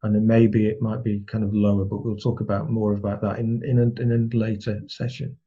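A man's voice: fairly low pitch, level tone, a little fast, mellow, husky. A man giving a conversational lesson on building rapport, explaining through everyday examples. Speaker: trainer. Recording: dull lo-fi recording.

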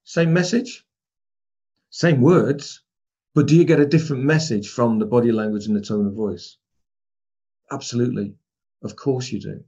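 A man's voice: medium pitch, moderate pace, long pauses, mellow, husky. A man leading a training course, talking conversationally and addressing the group directly in a training room. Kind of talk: spoken training lesson. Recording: dull lo-fi recording.

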